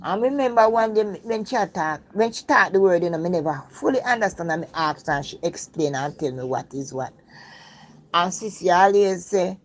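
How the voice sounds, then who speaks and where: An older woman from Jamaica with a Jamaican accent, telling a personal life story in patois in a reflective way, her voice dropping soft when she speaks of the dead. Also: medium pitch, normal speed. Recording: dull lo-fi recording.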